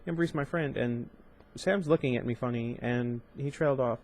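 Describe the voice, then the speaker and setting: A man's voice: mid-range voice, normal speed, darkish tone. Young man reading a novel aloud. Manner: casual, chatty asides with fillers and restarts. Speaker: audiobook reader and channel host. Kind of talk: amateur book reading with commentary.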